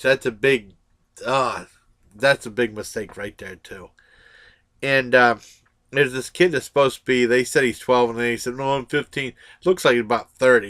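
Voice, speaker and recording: A man's voice: medium pitch, a bit bright. A man giving a casual movie review, blunt and rambling, with lots of "uh" and restarts.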